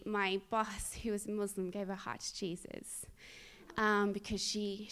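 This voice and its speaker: A woman sharing a rambling, animated testimony with a congregation, full of "um" and "like" fillers and frequent laughter. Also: medium pitch. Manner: laughs often while telling the story. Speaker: speaker sharing a testimony at church. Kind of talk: chatty storytelling testimony to a congregation.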